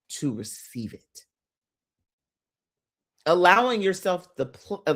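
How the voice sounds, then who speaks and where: Animated woman coaching her live viewers. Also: deep voice. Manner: animated, talks straight to viewers, reads out comments; emphatic, swings between loud bursts and quiet asides. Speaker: business and mindset coach. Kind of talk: casual motivational live stream.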